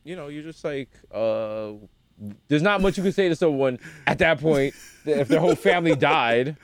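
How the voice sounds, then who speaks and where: A man's voice: on the high side, lively intonation, moderate pace, no room sound. A man from the Bronx, telling comic stories and riffing in a casual chat. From the Bronx, New York. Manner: riffing, acts out quotes, rambling asides. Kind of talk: comedic storytelling chat.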